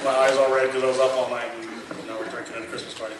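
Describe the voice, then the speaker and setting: A man in his thirties telling a lively anecdote at a convention panel, acting out the dialogue and laughing often. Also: mid-range voice, fast talker. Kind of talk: storytelling at a memorial panel. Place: large convention hall. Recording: echoey hall miked from far, noisy.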